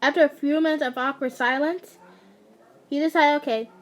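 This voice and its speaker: A woman with a high voice reads fan fiction aloud in a loose, casual way. She stumbles, restarts lines and stops to make jokes. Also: fairly even intonation, moderate pace. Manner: stumbling, restarting, breaking off to joke and laugh. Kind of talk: casual storybook reading.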